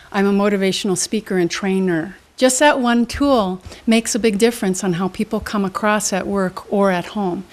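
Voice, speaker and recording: A woman motivational speaker and trainer, answering in an interview with an emphatic, teacherly manner and quiz-style questions. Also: mid-range voice. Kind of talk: interview guest. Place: studio.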